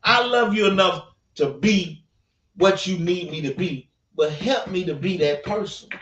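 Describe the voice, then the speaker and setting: A man's voice: high voice, a little slow, fairly bright tone. A man co-hosting a casual podcast, talking in an emphatic, preachy way. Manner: preachy, emphatic, talks of leading by example. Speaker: podcast co-host. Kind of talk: casual opinion chat. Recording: echoey room, mic at a distance, dull sound.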